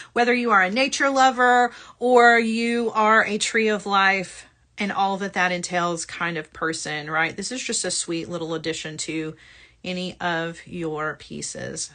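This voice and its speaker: A chatty woman hosts a live sales show with a bright, forward tone. She talks in an upbeat, conversational way, often checking in with "right?" and pitched at a middle level for a woman. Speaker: host of a live shopping show. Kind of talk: live jewelry-supply sales chat.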